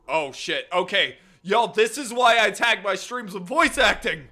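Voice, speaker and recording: A young streamer man chatting with his viewers in loud, joking banter. His voice sits high and bright and swings all over the place. He swears freely and shouts greetings. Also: animated, a little slow. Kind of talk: casual gaming livestream chat.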